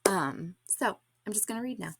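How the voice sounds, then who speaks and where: A woman's voice: medium pitch, lively intonation, normal speed, creaky, husky, no echo. A woman podcast host reading her own blog post aloud in a candid, reflective and slightly awkward way.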